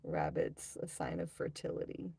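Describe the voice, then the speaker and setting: A woman with a low, creaky, warm voice and big swings in pitch hosts a live stream, reading viewer comments aloud and chatting offhandedly. She rambles and is quick to laugh at herself, and there is slight background noise.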